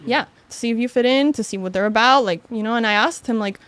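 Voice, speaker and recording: A woman's voice: fairly high pitch, fast talker, no echo. A young woman from Miami, a podcast guest, telling a story in casual chat, full of "like" and laughs. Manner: animated storytelling with lots of "like" and laughter.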